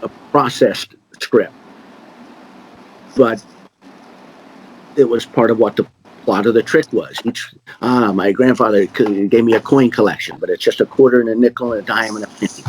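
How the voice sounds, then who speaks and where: A middle-aged man, a magician, answering questions in a relaxed, rambling way with many fillers and restarts. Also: lowish voice, normal speed, pauses often, slight background noise, low-quality recording. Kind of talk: casual conversational Q&A.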